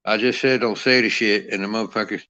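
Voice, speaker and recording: A cantankerous middle-aged man delivers a profane, mocking rant as a boxing commentator. His voice sits low and the sound is dry and close, with no room around it. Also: fairly even intonation, quick pace, bright, forceful tone, no room sound, muffled recording. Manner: cantankerous, foul-mouthed, mocking.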